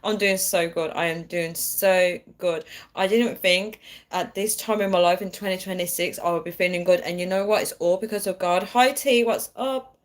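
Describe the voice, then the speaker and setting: A woman with a slightly low voice chats casually to her viewers on a livestream from her phone. She talks in a loose, rambling way, keeps calling her audience guys and laughs often. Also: fairly even intonation, normal speed. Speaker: livestream host.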